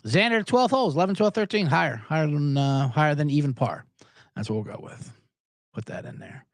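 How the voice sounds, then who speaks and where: A man's voice: a little high, fairly quick, no room sound. A man hosting a sports betting podcast in a casual, rambling chat that swears now and then. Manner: animated, rambling and profane, with many restarts.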